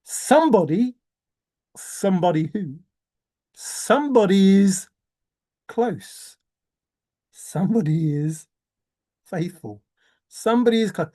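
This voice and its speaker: A man's voice: high voice, expressive, slow, pauses often, warm tone. A man rambling in a teasing, giggly solo monologue, often laughing and repeating words. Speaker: treasure-hunt video maker.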